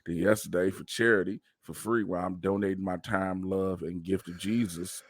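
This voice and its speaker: A man's voice: normal speed, no echo, studio quality. A male podcast host in casual comedic chat, joking loosely and sore from a wrestling show. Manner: animated joking, jumps to high mocking voices.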